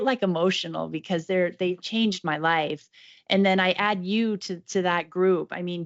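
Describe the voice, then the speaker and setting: A woman patient talking casually about her surgery, chatty and effusive, often restarting her sentences. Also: lowish voice. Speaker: patient guest. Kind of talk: casual podcast conversation. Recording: dull lo-fi audio.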